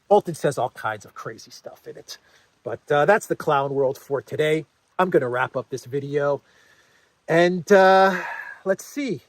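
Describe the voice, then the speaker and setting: High-voiced male news commentator. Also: dry recording. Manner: amused, incredulous, often laughing; repeats words and restarts phrases with "uh". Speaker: host.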